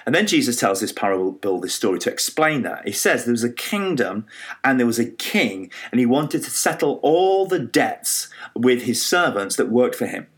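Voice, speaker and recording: A man preaching a sermon, retelling a parable with lively storytelling, frequent fillers and restarts. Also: medium pitch, normal speed. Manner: animated storytelling with many fillers and restarts, acting out quoted voices.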